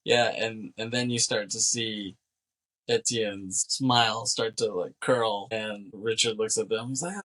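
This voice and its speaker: A man with a lowish, fairly bright voice co-hosts a podcast, speaking at a measured pace in a level tone. He casually recaps a film's plot, acting out characters' lines with laughter and swearing.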